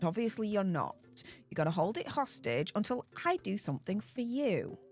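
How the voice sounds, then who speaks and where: A woman with a Yorkshire accent who hosts the channel. She chats excitedly about politics while playing a video game and laughs often. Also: mid-range voice, moderate pace, soft background music. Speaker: channel host. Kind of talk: casual gaming commentary with political chat.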